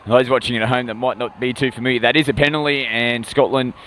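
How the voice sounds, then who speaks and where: A man giving calm, analytical color commentary at a live sports match. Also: mid-range voice, slight background noise. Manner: measured, analytical breakdown of plays. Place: outdoor sports venue.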